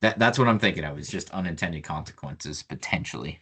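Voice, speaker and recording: A man on a board, speaking in a careful, measured way as he raises concerns in a meeting. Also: sits low, animated, pushed and bright, breathy edge. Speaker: board member.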